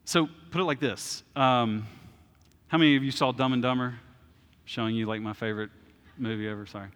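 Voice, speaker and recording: A man's voice: mid-range voice, fairly even intonation, a little fast, a bit bright, long reverb tail. A man in his thirties preaching a sermon as pastor, conversational, with asides and restarts.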